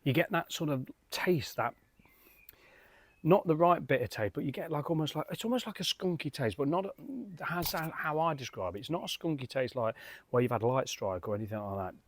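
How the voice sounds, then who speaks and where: A man's voice: fairly high pitch, expressive, a little fast, no echo. A man, casually reviewing beer in a rambling way, full of fillers and restarts.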